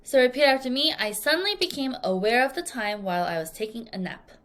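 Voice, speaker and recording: A woman teaching an English vocabulary lesson, drilling words clearly with repeat-after-me prompts and acting out examples playfully. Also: high voice, expressive, quick pace, a bit bright. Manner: playful, acts out example sentences. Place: language school in Korea.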